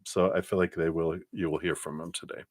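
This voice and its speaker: Deep-voiced chatty male tarot reader. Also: level tone, fairly quick, no room sound, studio quality. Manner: chatty, laughs often, lots of fillers. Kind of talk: live-streamed tarot reading.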